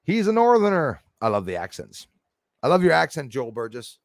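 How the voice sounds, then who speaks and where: A man's voice: on the high side, huge pitch swings, moderate pace, dry recording, studio quality. A man chatting casually on his livestream, laughing often and reading out viewer names. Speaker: livestream host.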